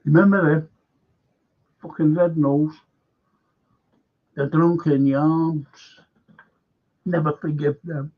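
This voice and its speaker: A man's voice: a little high, steady tone, slow pace, long pauses. A man hosting a fan football show, ranting heatedly and swearing constantly as he repeats himself. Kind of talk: angry ranting talk-show monologue. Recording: dull lo-fi sound.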